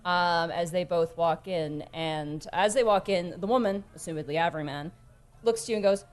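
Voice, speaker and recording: A woman's voice: fairly low pitch, normal speed. Casual woman narrating as game master. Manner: casual, many fillers, giggly.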